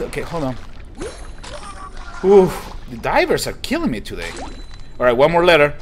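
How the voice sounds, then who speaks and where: A young man hosting a gaming channel, giving excited let's-play commentary, laughing, exclaiming and repeating himself as he plays. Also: a little high, normal speed. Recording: game music behind voice.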